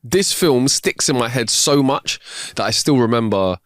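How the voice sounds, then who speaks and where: A man's voice: mid-range voice, expressive, normal speed, a bit bright, dry recording, clean studio sound. A young man co-hosting a podcast, chatting casually and enthusiastically, now and then swearing. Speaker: podcast co-host. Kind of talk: casual chat.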